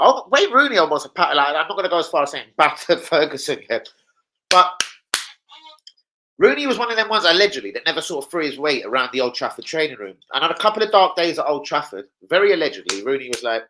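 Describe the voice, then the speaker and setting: A man's voice: fairly high pitch, quick pace, slight background noise, low-quality recording. A young man ranting casually about football as a fan channel host, swearing a lot and slipping into impressions of people. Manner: animated, sweary, slangy, mimics people.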